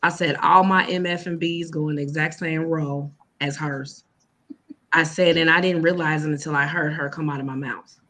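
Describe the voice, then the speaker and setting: A woman's voice: deep voice, steady tone, normal speed, sharp tone. A woman educator who is a guest on a podcast. She tells earnest stories about her classes and acts out the exchanges with her students. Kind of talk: casual chat.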